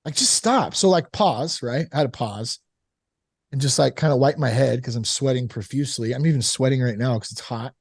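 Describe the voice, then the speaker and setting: A man casually telling a candid personal story about fatherhood and recovery, animated, full of "like" and "you know". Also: medium pitch, fairly quick, breathy edge, no echo. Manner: candid, animated, acts out quoted voices; frequent fillers like "like" and "you know". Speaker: sober father on a recovery podcast.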